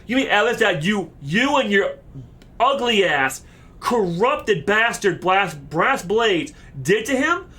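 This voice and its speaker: A man streaming a game, giving heated, animated commentary full of cursing. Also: high voice, slow pace. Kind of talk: let's play commentary.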